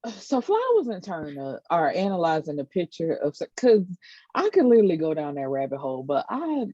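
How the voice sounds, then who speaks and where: A woman's voice: low-pitched, huge pitch swings, brisk, mellow, no room sound. A woman co-hosting a casual review podcast, recapping the plot in joking, slangy banter. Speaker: podcast co-host. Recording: dull dry lo-fi recording.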